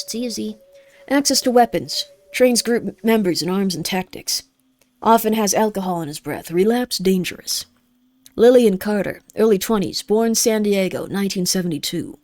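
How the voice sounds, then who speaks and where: A woman streaming a game from home, reading game text aloud and chatting with viewers, animated and full of "like". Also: medium pitch, dry recording. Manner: chatty, animated, says "like" a lot.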